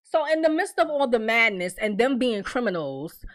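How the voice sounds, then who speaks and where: A young woman vlogger, recapping a TV episode in a casual, animated way and acting out the characters' lines. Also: on the high side, normal speed, no room sound. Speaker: vlogger reviewing a TV series.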